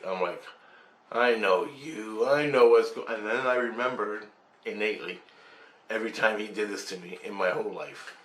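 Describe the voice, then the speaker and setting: Swearing and making sound effects, a man tells an intense, emphatic story from his own life. His voice is fairly low with a fairly bright tone, captured in a roomy space with faint background noise.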